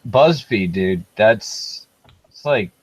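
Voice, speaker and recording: A man's voice: lowish voice, animated, very slow, breathy edge, no echo, low-quality recording. A man joining a casual chat as a guest over an online call, hesitant and often asking to hear things again. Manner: hesitant, restarts, asks to repeat.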